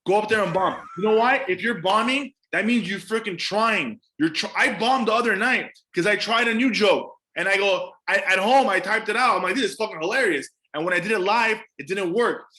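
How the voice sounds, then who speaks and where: A man's voice: high voice, moderate pace, hardly any pauses, bright, forceful tone. A man, a stand-up comedian, chatting casually on a podcast, emphatic and profane, repeating words for stress.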